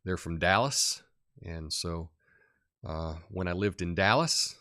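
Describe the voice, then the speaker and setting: A middle-aged American man talks casually on his live stream, reading out comments between easy laughs and filler words. His voice sits a little low. The sound is dry and close, with no room echo. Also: slow. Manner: relaxed, chatty, laughs often, many fillers. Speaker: live show host.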